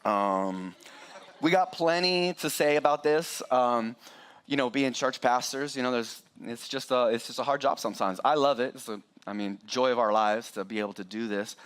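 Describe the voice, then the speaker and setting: A middle-aged man preaching a sermon as pastor, animated and joking with the congregation. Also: mid-range voice, normal speed, smooth.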